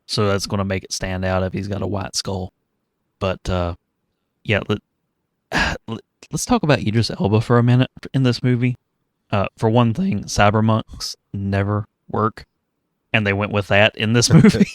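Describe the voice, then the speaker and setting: Podcast guy riffing on a movie, lowish voice, kinda dry and analytical. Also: moderate pace, dry recording. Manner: wry, analytical, dry humor. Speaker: podcast co-host. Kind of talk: casual movie review chat.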